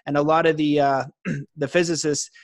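A man's voice: on the high side, little pitch movement, moderate pace, no room sound, clean studio sound. A man hosting a podcast interview, talking in a rambling, enthusiastic way with many fillers and restarts. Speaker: podcast host. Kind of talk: casual interview chat.

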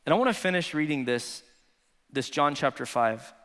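A pastor with a fairly high man's voice, preaching in a relaxed, conversational storytelling way. His words ring out with a long reverb through a church hall. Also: moderate pace. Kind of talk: sermon.

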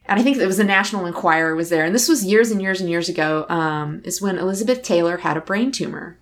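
A woman's voice: on the low side, quick pace. Woman chatting, telling a story from her life, candid and thoughtful, does the voices of people in it. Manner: candid, reflective, acts out dialogue in her stories. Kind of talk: casual conversation, personal storytelling.

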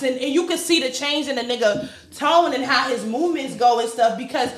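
A young woman, co-hosting a podcast, chatting in an animated way and acting out lines she quotes. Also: sits high, brisk, a little hiss or hum. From New York. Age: young adult. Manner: animated, laughing, acts out quotes. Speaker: podcast co-host. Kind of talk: casual chat. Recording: echoey room.

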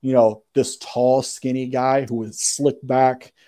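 Mellow-voiced man telling a story. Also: mid-range voice, flat delivery, slow pace. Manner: slangy, profane, keeps saying "bro". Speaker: podcast guest. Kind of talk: casual storytelling.

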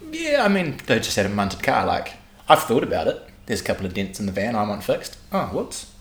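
A young New Zealand man tells loose, animated stories in a relaxed chat and swears freely along the way. His low voice has a gravelly edge. The room is echoey, with a faint hum behind him. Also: brisk. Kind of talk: casual chat.

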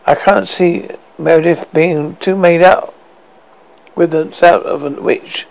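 A man's voice: on the high side, steady tone, slow pace, gravelly, rough recording. A man voicing a baffled married shopper who talks in a puzzled, blunt way.

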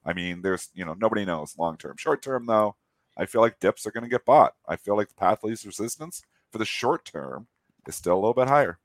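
A man's voice: lowish voice, animated, fairly quick, no room sound. A middle-aged man with a nasal voice, co-hosting a casual stock market show and talking through his trades. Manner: opinionated, talks through trades. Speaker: co-host.

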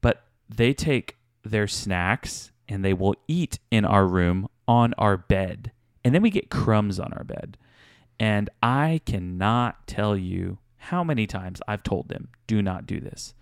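A man with a very low, gravelly voice shares a frank story from home, talking in a candid, confessional way. His voice is smooth and resonant, and it is recorded dry and close. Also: expressive, slow, no room sound. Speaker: podcast co-host. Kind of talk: casual chat.

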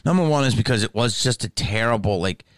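A man's voice: fairly low pitch, lively intonation, quick pace, no room sound, clean studio sound. A man hosting a podcast, ranting in a profane, emphatic way and often asking "okay?". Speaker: podcast host. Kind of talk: casual ranting monologue.

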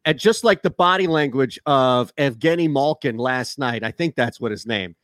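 A man co-hosting a sports radio show, telling long, animated stories in casual talk. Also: medium pitch, normal speed, no echo. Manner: rambling, animated storyteller.

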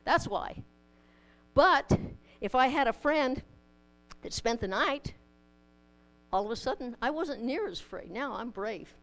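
A woman's voice: high-pitched, expressive, measured pace, pauses often, a bit bright, low-quality recording. A woman preaching a sermon to a congregation, conversational and plainspoken, mixing scripture with homely stories and light humor. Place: church in front of a congregation.

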